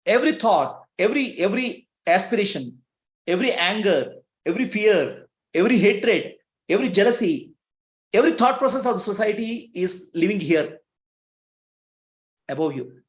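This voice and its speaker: A man's voice: sits high, lively intonation, normal speed. A man giving a spiritual teaching talk, asking his listeners rhetorical questions and chuckling between points. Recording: echoey room.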